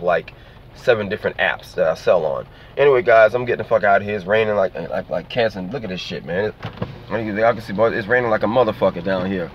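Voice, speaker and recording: Low-voiced man rambling casually, lo-fi. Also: a little hiss or hum. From New Orleans, Louisiana. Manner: loose, profane, rambling, with frequent "you see what I'm saying". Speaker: vlogger. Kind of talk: casual monologue to camera. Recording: dull lo-fi sound.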